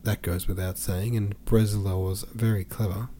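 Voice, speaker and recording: Guy doing a tired gentle senator, soft and low, calming someone down. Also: normal speed, a little hiss or hum, natural voice. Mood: consoling. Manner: gentle, consoling, subdued. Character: weary gentle middle-aged male senator consoling sister.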